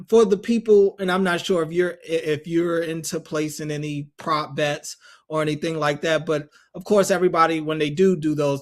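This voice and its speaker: A man hosting a sports radio show, asking long rambling questions with fillers. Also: a little high. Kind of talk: casual sports radio chat.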